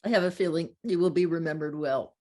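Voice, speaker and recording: A woman's voice: sits low, fast, dark tone. An older woman hosting an interview, chatty and affirming, telling personal anecdotes as she talks. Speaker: host. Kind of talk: conversational interview.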